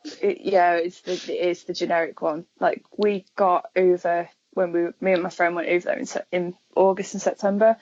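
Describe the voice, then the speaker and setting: This woman has a Liverpool accent, and she chats in a rambling, storytelling way, tripping over her words and starting sentences again. Her voice sits at a mid pitch. It is recorded close and dry, with a slightly dull, lo-fi tone. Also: flat delivery, a little fast, a little mellow, no room sound. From England (Chester area). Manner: chatty, restarts often, laughs while telling stories. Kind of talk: casual chat.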